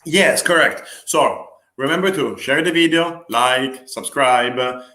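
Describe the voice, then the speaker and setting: A man's voice: medium pitch, measured pace, sharp tone. A man hosting a craft livestream in casual chat, hesitant with many fillers, playful and teasing.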